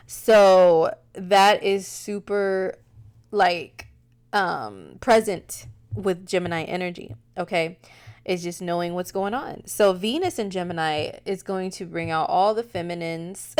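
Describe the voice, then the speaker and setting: Chatty woman with a smooth voice. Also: mid-range voice, normal speed. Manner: chatty, slangy, swears and laughs freely. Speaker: astrologer, channel host. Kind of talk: casual monologue.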